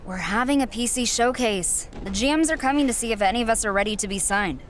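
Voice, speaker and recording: A woman's voice: fairly high pitch, fast, a little hiss or hum, lightly acted. A woman voicing a cocky young female heel wrestler in a video game, dry and self-assured.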